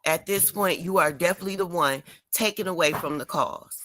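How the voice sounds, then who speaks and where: A woman's voice: fairly low pitch, brisk, fairly bright tone, slight background noise. A woman from Detroit with a Detroit accent on her livestream, talking bluntly and emphatically with lots of profanity, upset and crying. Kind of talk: emotional livestream rant.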